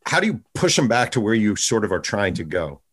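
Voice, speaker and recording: Fast-talking low-voiced male podcast host. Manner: quick, lively questions and reads aloud from a book. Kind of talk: casual interview conversation.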